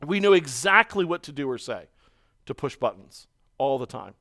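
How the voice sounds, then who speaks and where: A man preaching a sermon, telling stories in a lively way and acting out the voices of other people. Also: a little high, moderate pace. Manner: storytelling, animated, mimics voices in quotes. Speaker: pastor.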